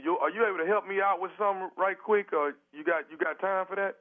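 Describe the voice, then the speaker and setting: A man's voice: sits high, lightly acted. A man playing a pushy guy stuck on the toilet, over a tinny phone. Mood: pleading. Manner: insistent, pleading, drawn-out slang. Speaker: prank caller. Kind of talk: prank phone call.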